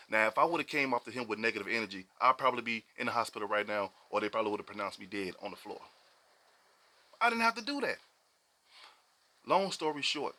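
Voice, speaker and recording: A man's voice: mid-range voice, bright, forceful tone. A middle-aged man, telling stories on a podcast in a slangy, emphatic way and repeating points for weight. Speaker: podcast co-host. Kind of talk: casual podcast storytelling.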